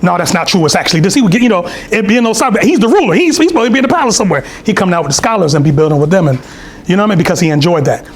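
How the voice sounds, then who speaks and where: A man's voice: high voice, animated, very fast. A man giving a loose, storytelling sermon with lots of asides and fillers at a temple meeting. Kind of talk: conversational sermon. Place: temple hall.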